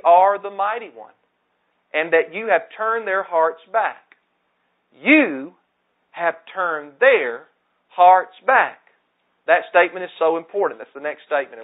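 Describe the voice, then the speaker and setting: A male preacher delivering a sermon with emphatic, dramatic swings between loud declarations and near-hushed phrases. His voice sits somewhat high for a man. The sound is thin and tinny, as if heard over a phone.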